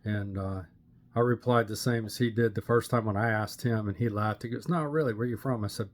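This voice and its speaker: An older man from Pittsburgh, Pennsylvania, telling his personal faith story to a camera in an earnest, plain-spoken way with many "uh" pauses. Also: lowish voice, level tone. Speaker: channel host sharing his testimony. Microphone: camera facing the speaker.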